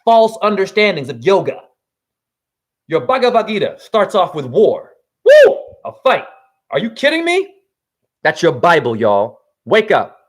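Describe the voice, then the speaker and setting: Forties guy ranting to his stream chat, high voice all over the place, swears a lot. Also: very animated, measured pace. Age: 40s. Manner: swings from low preaching to high shouts, swears. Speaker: spiritual teacher. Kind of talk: livestream monologue to chat.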